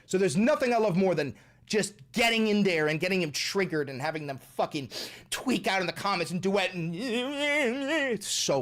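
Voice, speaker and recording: A man hosting a livestream rant, profane and openly provocative. His voice sits high and swings widely between notes. He mocks and goads his listeners as he talks. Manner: profane and mocking; taunting, provocative.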